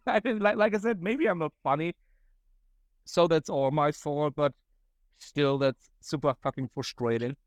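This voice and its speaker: Young german man, german accent, slightly high voice, dry close sound, rambling casual podcast, profane. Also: measured pace, long pauses, no room sound. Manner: rambling, profane, laughs often, acts out quotes. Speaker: podcast host. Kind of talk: casual solo storytelling.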